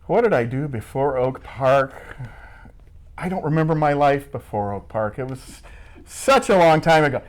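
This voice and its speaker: Speaking at a moderate pace with lively intonation in a mid-range voice, a middle-aged school staff member from Iowa handles interview questions in a relaxed, joking way. He tells stories at his own expense.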